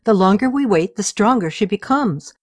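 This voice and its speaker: A woman voicing a calm, scheming queen. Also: mid-range voice, normal speed, breathy edge, no room sound, studio quality, voice pushed up. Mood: commanding. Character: middle-aged queen, scheming but gentle.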